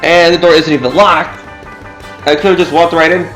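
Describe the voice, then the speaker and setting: A man's voice: fairly high pitch, steady tone, normal speed, a bit bright. A man doing gameplay commentary, reading game text aloud, jokey and sarcastic and swearing freely. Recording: echoey room with faint game music.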